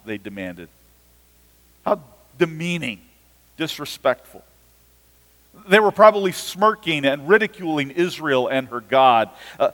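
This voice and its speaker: A man's voice: a little high, very animated, measured pace, pauses often, a bit bright, in a large hall. A man preaching an earnest sermon as a pastor, often repeating and restarting his words.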